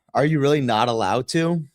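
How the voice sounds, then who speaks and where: A man's voice: mid-range voice, no room sound, studio quality. A man hosting a podcast, telling crude stories in casual chat and laughing at his own jokes. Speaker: podcast host.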